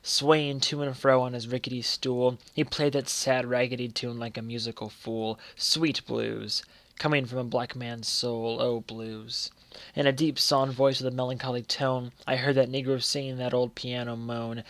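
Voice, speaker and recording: A man reciting poetry in a measured way, letting the ends of lines fall quiet. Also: mid-range voice, flat delivery, no room sound. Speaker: poetry reader.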